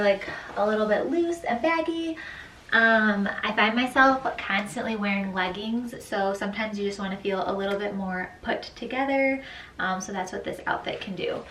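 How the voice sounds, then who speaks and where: A woman's voice: mid-range voice, a bit bright. A young mother talks through her outfits in a loose, chatty way, full of "like" and "um". Her voice sits in an ordinary middle range. The mic is set back, so the room echoes around her and a faint hum runs underneath. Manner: chatty, loose, many "like" and "um" fillers. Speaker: vlogger, new mother. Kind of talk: casual outfit try-on chat. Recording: roomy echo, distant mic, faint room noise.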